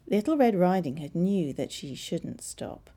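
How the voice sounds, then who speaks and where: A woman librarian narrating a children's storybook in an expressive, measured way. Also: fairly low pitch.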